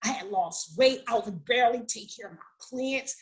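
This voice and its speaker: A woman's voice: on the high side, moderate pace, rough recording. A middle-aged woman, the mother of an incarcerated son, telling her story as an interview guest and acting out the dialogue with feeling. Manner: animated retelling, acting out dialogue. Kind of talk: emotional personal storytelling.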